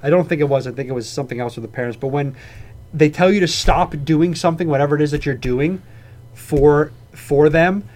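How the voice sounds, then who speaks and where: A man talks on a casual podcast, his voice sitting a little high for a man. He rambles, trips over his own words and restarts, and swears freely. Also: a little fast, a little mellow. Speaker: podcast co-host.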